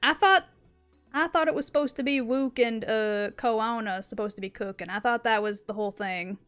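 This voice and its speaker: A woman's voice: on the high side, brisk, clear, resonant tone, soft background music. Giggly, swearing young woman streamer. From not American. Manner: laughs often, swears casually, playful. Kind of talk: casual gameplay commentary, reading game dialogue aloud.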